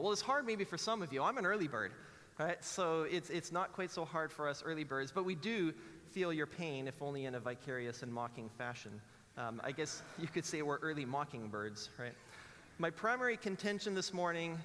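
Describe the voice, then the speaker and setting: A man's voice: a little high, in a large hall. A Canadian man giving a conference talk, self-deprecating and joking as he speaks to the audience. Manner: self-deprecating, joking, animated quoted voices. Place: large lecture hall.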